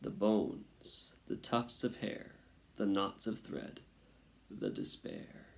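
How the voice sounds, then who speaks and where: A man reading a children's storybook aloud in a slow, dramatic, sometimes hushed way. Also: low voice, huge pitch swings, vocal fry. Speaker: audiobook narrator.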